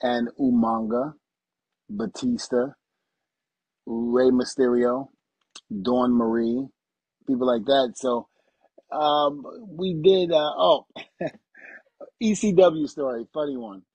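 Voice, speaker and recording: A man's voice: medium pitch, steady tone, takes it slowly, long pauses, darkish tone, breathy edge, no room sound, low-quality recording. A middle-aged man, a retired pro wrestler, telling casual anecdotes as a guest and laughing through them.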